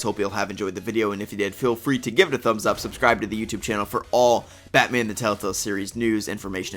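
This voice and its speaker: A man's voice: medium pitch, a bit bright, slight background noise. A young man hosting a casual games news video, groggy from just waking up, thinking aloud and correcting himself as he goes. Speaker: gaming news video host.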